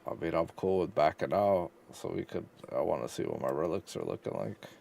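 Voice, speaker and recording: Low gravelly gamer guy, blunt reactions, dark voice, faint music. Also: lively intonation, brisk, slight background noise. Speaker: gamer on a stream. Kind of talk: casual gaming chat.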